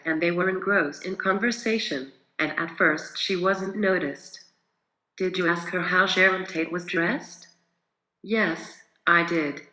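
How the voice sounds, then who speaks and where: A man reenacting a courtroom closing argument, reading questions and answers from a court transcript in one steady voice. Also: high voice, roomy sound, poor audio.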